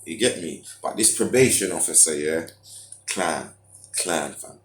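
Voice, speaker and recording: A man's voice: deep voice, animated, a little slow, echoey room, slight background noise. A young man telling a frustrated story in a casual monologue, full of street slang and fillers. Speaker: vlogger.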